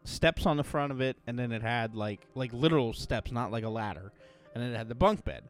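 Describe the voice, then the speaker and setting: Animated, lively-pitched male podcast host. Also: fairly quick, soft background music. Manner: animated storytelling, swearing, acting out others in shrill voices. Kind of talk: casual chat.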